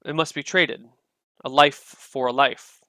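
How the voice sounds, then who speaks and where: A man voicing a stern, solemn goddess mother who speaks in grave, measured pronouncements. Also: medium pitch, fairly even intonation, sharp tone, no room sound.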